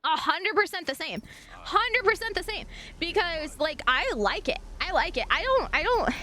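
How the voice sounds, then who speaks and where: A woman's voice: very high voice, very animated, normal speed, sharp tone, slight background noise. A woman streamer chatting casually and animatedly, laughing often and swearing freely.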